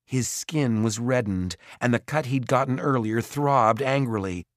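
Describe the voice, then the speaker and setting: A man reading a children's fantasy audiobook in a measured, expressive narration. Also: medium pitch, no room sound, clean studio sound. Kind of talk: scripted narration.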